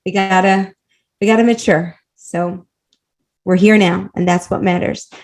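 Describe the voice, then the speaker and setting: A woman coach teaching a live online class over a video call, animated and warm, laughing often as she encourages her students. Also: medium pitch, unhurried. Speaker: women's life coach and teacher.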